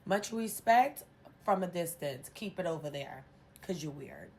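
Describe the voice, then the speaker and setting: Young woman telling a story, lots of swearing, acts out what people said, lowish voice, bit of noise behind. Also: moderate pace. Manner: animated, profane, acts out quotes. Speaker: storytime vlogger. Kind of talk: casual storytime while eating.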